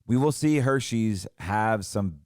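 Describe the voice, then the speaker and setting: A man's voice: fairly low pitch, expressive, takes it slowly, darkish tone, no room sound, clean studio sound. A man hosting a financial show, ranting in heated, emphatic commentary and often restarting his sentences.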